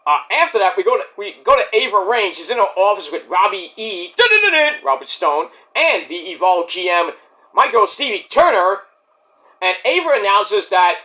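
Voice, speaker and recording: A man giving a casual, rambling recap of a show, excitable and profane. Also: sits high. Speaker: wrestling show reviewer.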